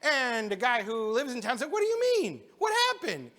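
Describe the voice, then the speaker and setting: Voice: mid-range voice, normal speed, pushed and bright, lightly acted. A service leader voicing a poor, hungry traveler man who complains with exaggerated indignation. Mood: aggrieved.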